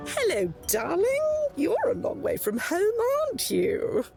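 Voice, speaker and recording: Snooty court lady, high gravelly voice, swooping sing-song, faint music behind. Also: wildly swooping pitch, measured pace, heavily acted. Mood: patronizing. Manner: patronizing, sing-song, calls people darling. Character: condescending aristocratic court lady. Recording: game audio with music behind.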